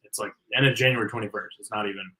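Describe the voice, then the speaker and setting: Man, lowish bright voice, casual live watch party chat, score updates. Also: steady tone, rapid-fire, rough recording. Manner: relays score updates, loose and chatty.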